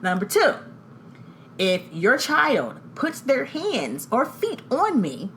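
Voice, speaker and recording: A woman, co-hosting a casual chat podcast, telling loud, animated stories with blunt profanity. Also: a little high, slow pace, slight background noise. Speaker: podcast co-host.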